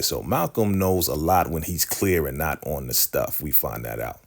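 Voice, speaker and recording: A man's voice: extremely low pitch, lively intonation, moderate pace, gravelly, few pauses. A man hosting a casual episode recap, telling it in a slangy, chatty way with many asides. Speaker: recap show host.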